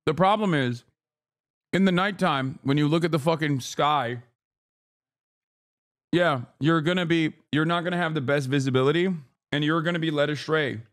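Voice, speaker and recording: Heated, sarcastic male streamer, smooth voice. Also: on the high side, moderate pace, pauses often, a bit bright. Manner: heated, sarcastic, argues with the chat. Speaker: streamer reacting to a video. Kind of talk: profane live-stream commentary.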